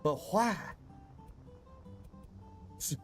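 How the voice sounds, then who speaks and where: A man's voice: drawn-out words, faint music behind. A man chatting casually as a guest on a co-op gaming stream, easygoing and hedging as he talks.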